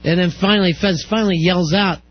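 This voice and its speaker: Man, radio host, teasing, skeptical, slightly high voice, muffled radio sound. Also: brisk. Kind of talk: casual radio talk. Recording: dull lo-fi radio recording.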